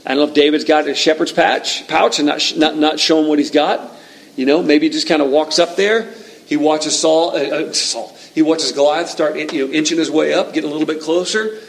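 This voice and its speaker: A man preaching a sermon, retelling a scripture story in an animated, conversational way with frequent restarts. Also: on the high side, fairly quick, creaky, poor audio.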